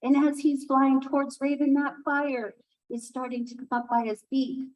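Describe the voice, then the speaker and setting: A woman telling a traditional folk tale aloud at a conference, unhurried and expressive, with asides to listeners. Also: sits high, distant mic, slight background noise, rough recording. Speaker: storyteller speaking at a conference. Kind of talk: oral storytelling of a folk tale.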